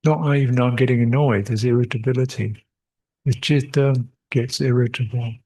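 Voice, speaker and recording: A man's voice: mid-range voice, fairly even intonation, normal speed, dark tone. An older man, a Buddhist monk, answering questions at a meditation retreat, reflective, repeating short phrases and chuckling often. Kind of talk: retreat Q&A dharma talk.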